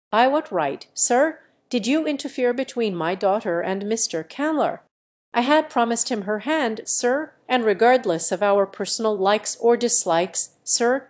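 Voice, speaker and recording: Fussy old male professor, read by a synthetic woman's voice, formal and flustered. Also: fairly high pitch. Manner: formal, repeats sir.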